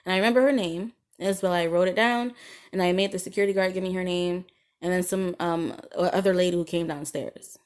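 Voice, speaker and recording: A woman talks alone on her podcast in a slightly low voice, airing grievances in a loose, indignant rant. She rambles, stops for frequent ums and restarts, and swears freely as she goes. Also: steady tone, fairly quick, a little mellow. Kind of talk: casual solo podcast monologue.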